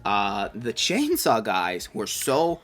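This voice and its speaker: A man chatting about a haunted house, retelling scares with animated energy and plenty of fillers. His voice sits low but swings widely in pitch, with a bright edge, and faint music plays underneath. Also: slow pace. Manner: animated storytelling, many fillers. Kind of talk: casual review chat.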